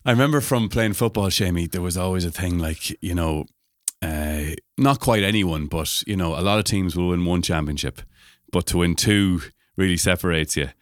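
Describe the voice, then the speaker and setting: Deep-voiced Irish podcast host. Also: male voice, normal speed, hardly any pauses, dry recording, studio quality. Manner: easygoing, rambling, many fillers. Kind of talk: casual chat, hosting.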